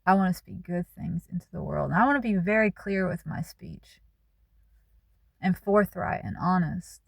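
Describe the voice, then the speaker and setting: A woman's voice: fairly low pitch, expressive, normal speed, gravelly, no echo, clean studio sound. A woman giving a candid, emphatic spoken monologue as a channel host, talking plainly.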